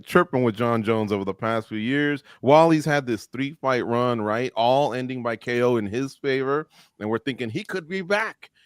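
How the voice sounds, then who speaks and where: Jokey animated man hosting. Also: medium pitch, no room sound, studio quality. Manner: jokey, animated, self-deprecating. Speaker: host. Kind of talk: casual roundtable chat.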